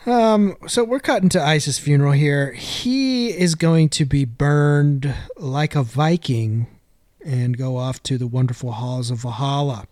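A man's voice: a little high, a little slow, a little mellow, no room sound, studio quality. A man hosting a casual podcast, recapping a film scene by scene with jokey asides. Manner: laid-back, narrates scenes with jokey asides. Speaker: podcast host.

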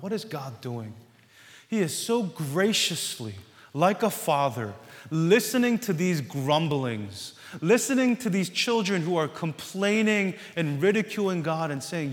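A man preaching a sermon as pastor, earnest and repetitive, building to loud emphasis on key words. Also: fairly high pitch, sing-song, measured pace, long reverb tail.

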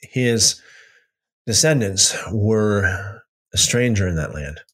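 A man leading a casual Bible study, reading passages aloud and commenting with animated repetition. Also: lowish voice, slow, husky. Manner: animated, repeats phrases for emphasis.

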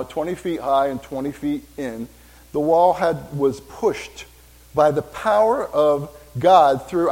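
A pastor preaching a sermon in a church, talking casually with asides and questions for the congregation. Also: male voice, medium pitch, a little mellow, low-quality recording.

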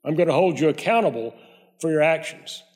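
Male pastor, conversational measured sermon delivery, reverberant church. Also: fairly high pitch, expressive, a little mellow. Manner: measured, conversational preaching with prayer.

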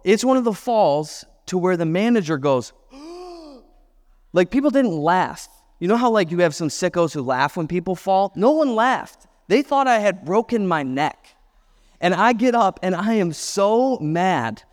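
A man's voice: high voice, very animated, normal speed. A man in his thirties, a pastor preaching a sermon and telling a self-deprecating personal story with chatty asides. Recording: long hall reverb.

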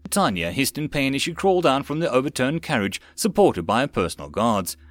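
A man reading a web novel audiobook in a steady narrating voice. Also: medium pitch.

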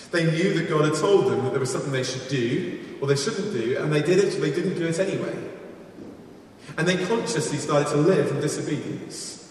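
A man preaching a sermon in a large church, earnest and storytelling, dropping to quiet emphasis on key points. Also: on the high side, slight background noise. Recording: echoey hall from far off.

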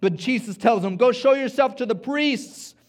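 A man's voice: very high voice, moderate pace. A man preaching a sermon as pastor, emphatic, repeating words and rallying his listeners.

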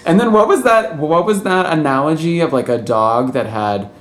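A man's voice: on the high side, expressive. A man co-hosting a podcast, reacting to a movie incredulously and joking in casual chat. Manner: incredulous, quick to joke and laugh. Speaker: podcast co-host. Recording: roomy echo.

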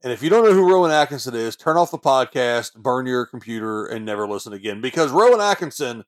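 A man's voice: medium pitch, animated, fast. Enthusiastic man retelling film scenes. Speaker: podcast co-host. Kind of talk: casual chat about a movie.

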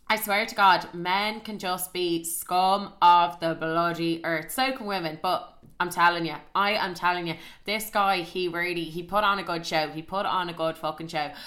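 Young woman, storyteller. Animated, sweary, slightly low, bright forceful tone. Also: normal speed. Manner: animated, sweary, heavy use of "like". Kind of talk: casual storytime monologue.

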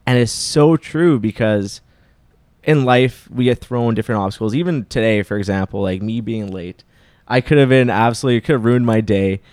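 A man's voice: medium pitch, normal speed, darkish tone, dry recording. A young man from Canada, a podcast guest, talking in an earnest, motivational way. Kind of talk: casual chat.

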